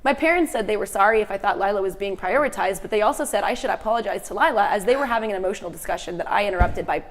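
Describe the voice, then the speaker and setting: A woman's voice: medium pitch, racing, in a large hall. A woman co-hosting a casual afternoon show. She chats with her co-hosts and reads a story aloud, often restarting her sentences. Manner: chatty, restarts lines while reading. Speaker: co-host.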